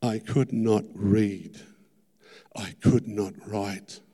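A middle-aged Australian man preaching a sermon testimony, earnest and fervent, repeating his words and rising to loud peaks. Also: fairly low pitch, steady tone, very slow. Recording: long hall reverb.

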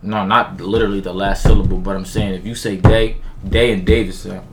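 A man's voice: low-pitched, little pitch movement, fairly quick, over music. A young man in casual banter, freestyle rhyming and insistently arguing his point. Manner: argumentative, insistent. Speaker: group member in rap game.

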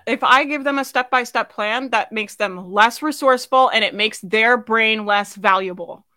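A woman's voice: medium pitch, pushed and bright, no room sound. A woman business coach giving a live sales training, blunt and swearing casually, asking her audience questions and laughing often.

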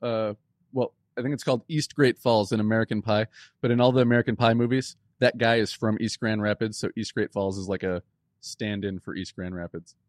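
A man's voice: fairly low pitch, fairly even intonation, a little fast, dry recording. Chatty podcast host man, dry sound. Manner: friendly, curious, chatty asides. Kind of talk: casual interview chat.

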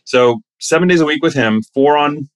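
Animated man telling a story, dry sound. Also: normal speed, dry recording. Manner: animated, acts out quoted voices with big pitch jumps. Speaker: actor guest. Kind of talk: casual anecdotal storytelling.

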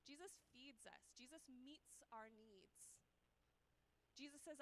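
A woman's voice: high-pitched, takes it slowly, a bit bright, poor audio. Earnest conversational woman preacher. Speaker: guest preacher. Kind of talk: sermon. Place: church.

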